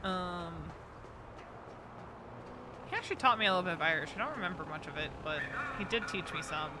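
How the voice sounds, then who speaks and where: A woman's voice: fairly low pitch, expressive, brisk. A woman from New Jersey streaming a game, chatting casually and rambling with frequent ums. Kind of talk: casual gaming chat. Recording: game sounds and vehicle noise behind. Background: game ambience and vehicle sounds.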